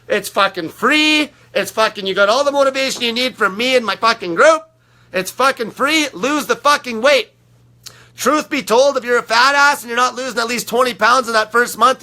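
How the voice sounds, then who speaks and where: This thirty-something man is an aggressive, blunt motivator for his own diet group, cursing nearly every line and hammering phrases again and again. His voice is very high, cutting, bright, and forceful as he rants at listeners.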